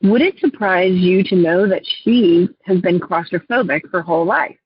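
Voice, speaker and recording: A woman life coach, appearing as a guest on an interview show, tells her clients' stories in an earnest, heartfelt way and often clears her throat. Her voice is lowish and her pace normal, and the lo-fi recording has no echo.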